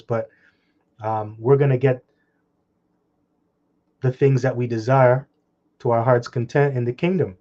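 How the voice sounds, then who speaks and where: Fiery, profane man teaching scripture. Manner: fiery, swinging from loud outbursts to low muttering; blunt and profane. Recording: dull lo-fi recording.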